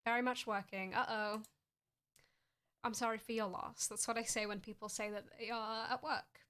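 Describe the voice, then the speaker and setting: A young woman streaming casually, joking in a deadpan way and often laughing as she talks. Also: a little high, normal speed, clear, resonant tone. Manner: playful, deadpan jokes with frequent laughs. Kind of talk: casual stream chat showing fan art.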